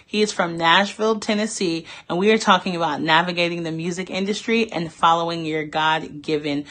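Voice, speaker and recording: A woman's voice: on the low side, a bit bright. Woman hosting an interview, encouraging. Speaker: podcast host. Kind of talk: interview talk show hosting.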